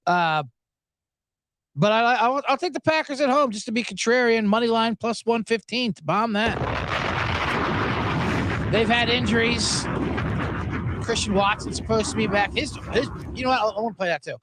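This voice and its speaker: A man's voice: extremely high pitch, moderate pace, pauses often. A man hosting a sports betting podcast in casual chat, rambling, jokey and profane, often stammering and restarting his sentences.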